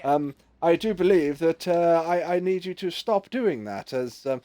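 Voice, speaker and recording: A man putting on a prim, posh British gentleman. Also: on the high side, expressive, measured pace. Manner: stiff, hesitant, excessively formal.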